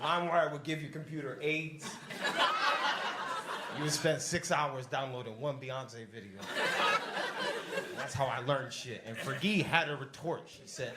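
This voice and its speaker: Doing crowd work onstage in a basement comedy club, a young comic rambles in a loose, profane way, leaving long pauses. His fairly high voice keeps a moderate pace, and the very noisy recording catches the echoey room and audience laughter.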